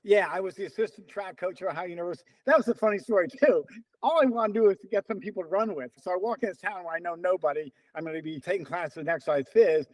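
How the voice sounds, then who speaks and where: An older man telling long stories as an interview guest, lively and acting out the people he quotes. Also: high voice, quick pace, no room sound. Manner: animated storyteller, acts out quoted dialogue. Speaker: interview guest, runner and coach. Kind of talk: casual storytelling.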